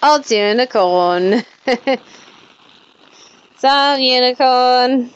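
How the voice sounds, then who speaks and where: A woman's voice: high voice, drawn-out words, smooth, dull audio. A young woman live streaming a game, chatting casually with viewers, tired and yawning as she talks. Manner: chatty, greets viewers, yawns and laughs often.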